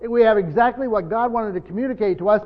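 A pastor teaching a congregation in a church, speaking emphatically and firing off rhetorical questions. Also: male voice, high-pitched, quick pace. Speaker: pastor teaching Bible study. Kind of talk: teaching sermon. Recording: dull lo-fi recording with long hall reverb.

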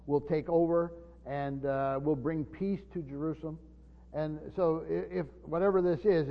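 Man preaching in a reverberant hall. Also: on the high side. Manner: halting, repeats words and fillers. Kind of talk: unscripted Bible teaching. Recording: long reverb, dull lo-fi sound.

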